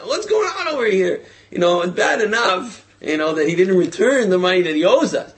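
A man voicing an exasperated wife who fires off incredulous questions in a high, shrieking tone. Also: very animated, brisk. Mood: indignant. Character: exasperated wife, shrill and indignant.

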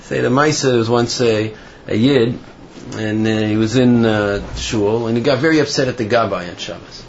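Gravelly-voiced man telling stories in a class. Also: medium pitch, normal speed. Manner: conversational, chatty storytelling with fillers. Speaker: Torah teacher. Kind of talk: informal Torah class with stories. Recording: dull lo-fi recording with faint noise.

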